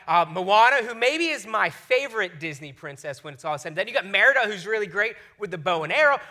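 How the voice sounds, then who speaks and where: A man in his thirties preaching a casual, enthusiastic sermon as a pastor. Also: high voice. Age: 30s. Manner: energetic, enthusiastic storytelling.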